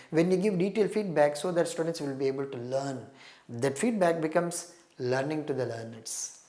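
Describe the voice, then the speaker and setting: Low-voiced woman teaching exam prep. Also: darkish tone. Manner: explanatory, repeats key terms and phrases. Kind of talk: recorded exam-prep lecture. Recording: roomy echo.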